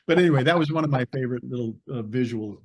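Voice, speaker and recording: A man's voice: medium pitch, fast talker. An older man, an actor as interview guest, telling rambling stories, searching for names and laughing as he goes. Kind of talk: casual anecdotal storytelling.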